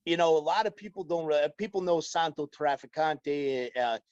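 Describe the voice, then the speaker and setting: A man's voice: on the high side, moderate pace, a little mellow, smooth, no echo. Rambling man on a dull, dry line. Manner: rambling, many fillers and restarts. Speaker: podcast guest. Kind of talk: casual chat, storytelling.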